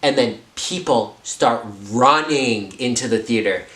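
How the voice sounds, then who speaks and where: Animated young man telling a story. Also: a little slow, reverberant. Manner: animated, filler-heavy, jumps into high voices. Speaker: vlogger. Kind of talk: storytime vlog.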